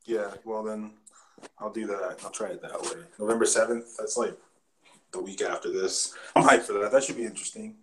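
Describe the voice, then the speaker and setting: A man's voice: fairly low pitch, normal speed, a crowd in the background, poor audio. A man co-hosting a wrestling podcast, talking in a laid-back, slangy way with frequent laughs. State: sore after the gym. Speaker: podcast co-host. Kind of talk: casual chat.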